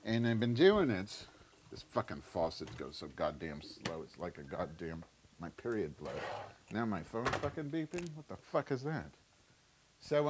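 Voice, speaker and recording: Low-voiced man ranting profanely at home. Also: darkish tone, husky. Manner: profane, erratic, abrupt outbursts. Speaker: host of a live webcam show. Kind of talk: rambling live-stream monologue. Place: home, moving into the kitchen. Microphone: wireless mic.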